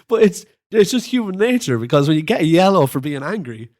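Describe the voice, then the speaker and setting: A man co-hosting a casual football podcast, laughing often and going up in pitch when he gets indignant. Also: big pitch swings, brisk, a little mellow. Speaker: podcast co-host.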